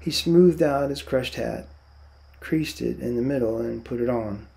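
Gravelly male reader of a novel. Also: medium pitch, a little slow, mellow. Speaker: teacher reading a novel aloud. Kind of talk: reading a novel aloud.

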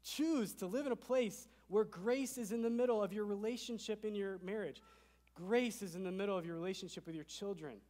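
A man with a slightly high voice preaches to his congregation, pressing each point with emphasis. He drops to a hush, then climbs loud again. His voice rings with long reverb through the church sanctuary. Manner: emphatic, swings between soft and loud. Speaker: pastor. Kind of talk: sermon.

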